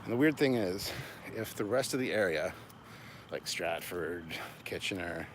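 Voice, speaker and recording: A man's voice: deep voice, expressive, measured pace, background noise. A man hosting a live stream while out walking at night, chatting casually with viewers and a little out of breath. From Canada. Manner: chatty, self-deprecating, answers viewer questions. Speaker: channel host. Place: outdoors at night, on a walk.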